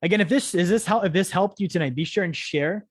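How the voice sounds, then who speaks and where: His voice is high, fast, and slightly rough, in a dry, clean studio recording. A young man hosting a financial education course teaches live on stream, speaking energetically and asking "right?" and "okay?" repeatedly to stir up viewers.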